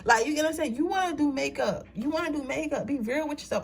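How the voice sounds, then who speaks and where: Young woman w/ high voice doing a tarot reading, cussing and crying thru it. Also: quick pace, creaky, hardly any pauses. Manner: slangy, swearing, preachy pep talk. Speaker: tarot reader. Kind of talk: casual tarot reading to camera.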